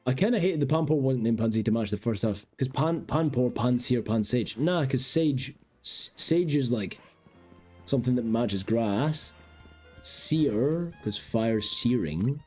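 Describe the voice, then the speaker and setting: A man's voice: medium pitch, lively intonation, unhurried, darkish tone, soft background music. A man streaming a game, chatting casually and rambling aloud to his viewers. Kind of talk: casual live-stream chat.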